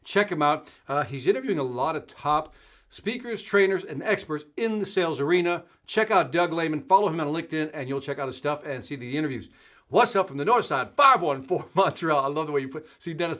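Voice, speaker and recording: Male host, middle-aged, bright energetic delivery, calls out live-chat viewers by name, casual tone. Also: a little high. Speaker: host of a live sales show.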